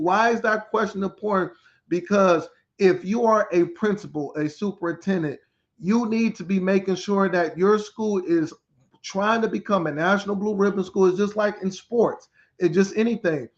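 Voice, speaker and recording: A middle-aged man hosting a live podcast as a school turnaround specialist, greeting viewers by name with energetic, repetitive hype. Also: high voice. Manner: energetic, repetitive, hypes the audience. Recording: slightly dull lo-fi audio.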